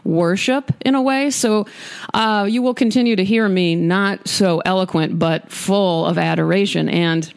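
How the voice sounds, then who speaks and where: A woman reads poetry and chats casually in her podcast studio, speaking frankly, with emphasis and a self-mocking streak. Her voice is mid-range and clean with some vocal fry, and she keeps a measured pace.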